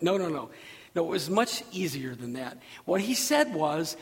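A man preaching a sermon, telling the story with animated energy, acting out characters and sometimes shouting. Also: sits high, normal speed. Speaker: pastor. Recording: long reverb of a large hall.

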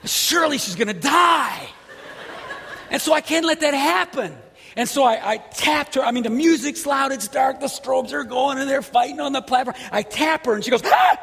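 A man preaching a sermon, telling a story with lively energy and shouting at the big moments. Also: very high-pitched, moderate pace, creaky, long reverb tail, slight background noise. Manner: animated, shouts at story peaks. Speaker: pastor.

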